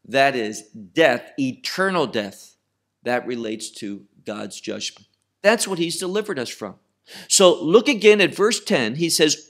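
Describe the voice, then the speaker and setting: A man's voice: fairly high pitch, sing-song, unhurried, a bit bright. A middle-aged man teaching verse by verse through a Bible book, emphatic and repeating phrases for stress.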